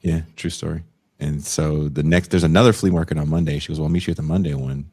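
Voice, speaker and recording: A man's voice: extremely low pitch, fairly even intonation, fast, darkish tone. A young man co-hosting a podcast, telling stories in casual chat, swearing freely and acting out the people in them. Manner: profane, storytelling, mimics people in dialogue. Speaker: podcast co-host.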